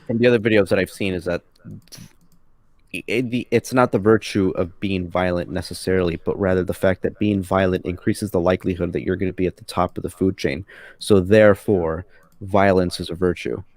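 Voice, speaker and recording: Deep-voiced measured male co-host. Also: steady tone, a little mellow, no echo. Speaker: podcast co-host. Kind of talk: casual chat.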